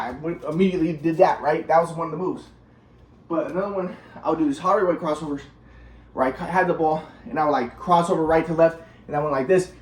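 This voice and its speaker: A man vlogging in a rambling, casual monologue, often restarting and acting out moves as he talks. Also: sits high. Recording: roomy echo.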